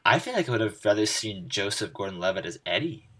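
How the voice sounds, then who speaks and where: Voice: deep voice, big pitch swings, quick pace, a bit bright. A guest on a podcast, chatting casually and playfully. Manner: laughs often, playful. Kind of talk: casual chat.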